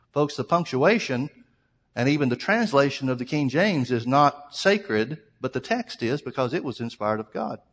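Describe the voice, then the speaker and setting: A pastor with a fairly high, fairly bright voice preaches to his congregation, reading scripture aloud and explaining it verse by verse. The recording has a long hall reverb.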